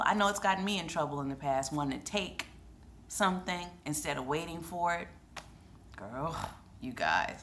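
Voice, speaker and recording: Woman, TV recap vlog, emotional and animated, fillers, slightly low voice. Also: a little hiss or hum. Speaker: TV recap vlogger. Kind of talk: casual chat recap.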